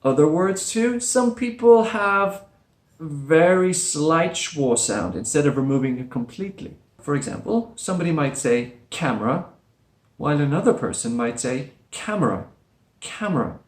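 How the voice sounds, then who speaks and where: A man teaching English pronunciation, repeating words slowly with exaggerated stress. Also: on the high side, expressive, echoey room. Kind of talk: slow, careful pronunciation lesson.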